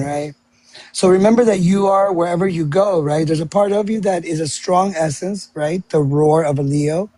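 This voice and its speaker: A man from Florida hosting a live audio panel, giving astrology readings in a warm, affirming way. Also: on the high side, no room sound. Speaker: panel host.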